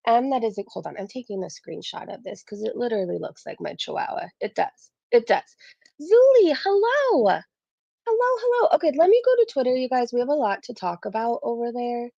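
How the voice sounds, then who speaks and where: A woman's voice: fairly high pitch, big pitch swings, fast, creaky, hardly any pauses, dark tone, dry recording, dull audio. A woman hosting a casual livestream, bubbly and greeting her chatters by name. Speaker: livestream host.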